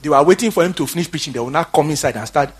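A Nigerian man preaching a fiery, exhorting sermon that swings from quiet talk to shouting. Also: on the high side, racing, slightly rough. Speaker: pastor.

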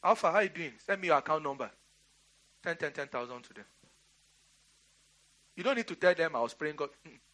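A man's voice: fairly high pitch, expressive, a little fast, long pauses, fairly bright tone. A middle-aged Nigerian man preaching a sermon, giving emphatic commands and laughing through a storytelling aside. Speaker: pastor. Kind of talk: sermon with personal anecdote.

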